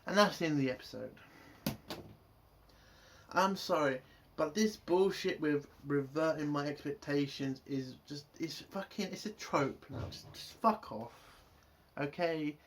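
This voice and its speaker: A man's voice: on the high side, measured pace. Exasperated man ranting about a show. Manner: frustrated, swearing, exasperated outbursts. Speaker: show reviewer. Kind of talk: casual review rant.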